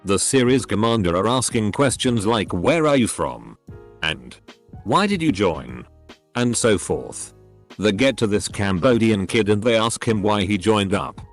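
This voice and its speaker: Synthetic male storyteller, low-pitched and animated, odd pauses, faint music behind. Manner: synthetic text-to-speech read with odd phrasing and pauses. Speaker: narrator. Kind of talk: scripted narration of online posts. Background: faint background music.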